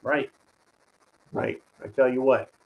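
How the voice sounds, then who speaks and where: A man's voice: medium pitch, fairly even intonation, takes it slowly, narrow, tinny audio. A man hosting a live stream, giving combative political commentary and reading viewer donations, often turning to his audience with "folks" and "right?". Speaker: host of a live stream show.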